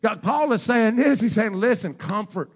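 Male pastor, fervent sermon delivery, voice sits a bit high, talks straight to the congregation. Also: lively intonation, moderate pace, breathy edge. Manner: fervent preaching, moving between quiet talk and shouting; addresses the congregation directly, folksy phrasing.

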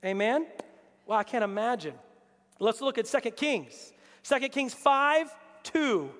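Male pastor, very high voice, animated preacher who acts out scripture characters, long church-hall reverb. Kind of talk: lively sermon.

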